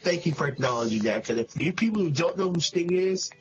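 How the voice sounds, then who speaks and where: A man's voice: fairly high pitch, lively intonation, fast, lo-fi sound. A man from the Bay Area giving brash, ranting opinions in a casual review chat and swearing freely. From San Francisco Bay Area. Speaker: guest panelist.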